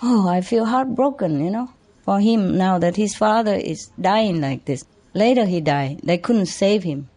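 An older woman, a spiritual teacher whose first language is Vietnamese, recalls her youth for a gathering of followers. She speaks in a chatty, unpolished way, with frequent light laughter and many fillers. Her pitch sits in a middle range. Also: animated, unhurried, warm tone. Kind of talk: storytelling talk to followers.

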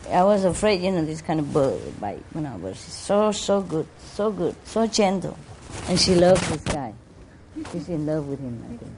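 Her deep, sing-song voice moves at a normal speed with a darkish tone as she runs a spiritual center gathering and chats casually with the crowd. She playfully teases attendees, coos affectionately at her pets and uses loose, non-native English grammar. It's a noisy live recording from an indoor room with an audience.

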